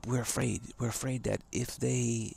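Gravelly-voiced man giving an emphatic talk. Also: medium pitch, fairly even intonation, moderate pace, warm tone. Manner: emphatic, repeats phrases, chuckles often. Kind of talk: live-streamed spiritual talk.

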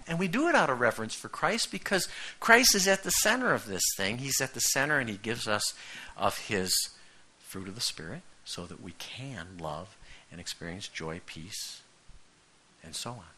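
Middle-aged man, pastor's sermon, animated pitch, bright voice, chatty with the congregation. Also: moderate pace, slightly rough. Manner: conversational, animated, checks in with the congregation.

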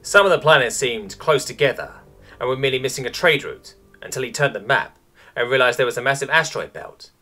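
A man narrating a science fiction story in a scripted, expressive reading. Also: medium pitch.

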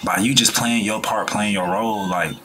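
Laid-back slangy man with a bright voice. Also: fairly low pitch, steady tone, moderate pace, slight background noise. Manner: laid-back, slangy, preachy about life and good vibes; acts out quoted people in changed voices. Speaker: reaction video host. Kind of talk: casual reaction commentary.

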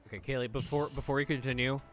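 A man hosting a gaming stream who chats in short, low-key remarks and gives brief game directions. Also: steady tone, very fast. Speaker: streamer host. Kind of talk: casual gaming chat. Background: game music.

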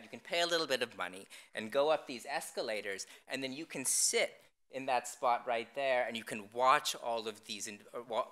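Man, architect lecturing, very bright tone, smooth, deadpan, hesitant ums. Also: medium pitch. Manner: deadpan, wry, with frequent ums and restarts. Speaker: architect presenting work. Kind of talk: public design lecture.

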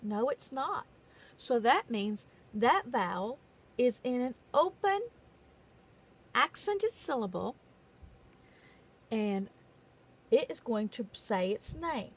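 Slow, patient woman teaching phonics. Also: on the high side, sing-song, husky. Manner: patient, deliberate, leans on key words. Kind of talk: slow, careful classroom instruction.

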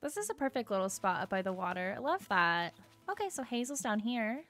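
A woman's voice: mid-range voice, very animated, a little fast. A young woman giving casual gameplay commentary, bubbly and gushing, with lots of filler words. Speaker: gaming YouTuber. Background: soft game music.

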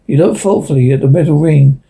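A man's voice: fairly high pitch, brisk, vocal fry, dark tone, breathy edge, low-quality recording. A man reading a science fiction story aloud, stumbling and restarting now and then. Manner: unpolished reading with slips and restarts. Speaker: narrator.

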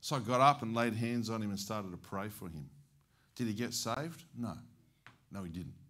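A man with an Australian accent preaching as an evangelist, telling stories in a lively way and acting out the dialogue. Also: lowish voice, normal speed. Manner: animated, acts out dialogue. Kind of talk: storytelling sermon.

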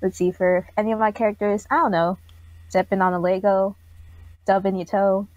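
A woman's voice: mid-range voice, flat delivery, a little fast, a little mellow, no room sound, dull audio. Woman host, mid-range voice, teasing and jokey, dry close recording. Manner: playful, teasing, laughs often. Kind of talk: casual chat.

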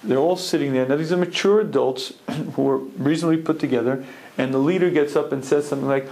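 A man teaching a humorous Torah lecture, telling stories with jokes and clearing his throat often. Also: mid-range voice, fairly even intonation, fast talker, dark tone, rough recording.

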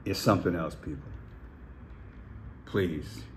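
Low-voiced man, emphatic vlog talk. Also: fairly even intonation, moderate pace, fairly bright tone, slight background noise. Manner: emphatic, repeats phrases. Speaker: vlogger. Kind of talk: casual commentary.

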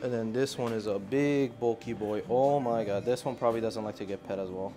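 A man vlogging in an indoor animal cafe, talking into a handheld phone and coaxing the animals in an excited, playful voice. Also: lowish voice, a little fast, over music. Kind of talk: casual vlog talk. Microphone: handheld phone camera.

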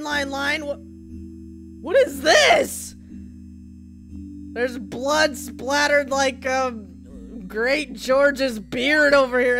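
A woman's voice: high-pitched, a bit bright. A woman commenting as she plays a horror game, joking along and shrieking at the scares. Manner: jumpy, shrieks at scares, jokey banter. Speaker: video game player.

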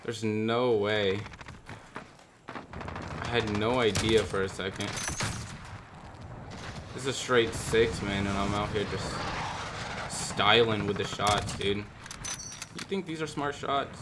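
Excitable young man, gameplay commentary. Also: lowish voice, takes it slowly, pauses often, background noise. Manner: excitable, slangy, keeps saying dude. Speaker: gaming streamer and YouTuber.

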